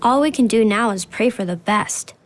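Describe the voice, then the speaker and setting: A woman's voice: on the high side, moderate pace, faint music behind, lightly acted. An actress playing a polite, anxious young assistant who hesitates when she is unsure, in a children's radio drama. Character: nervous, dutiful young woman assistant.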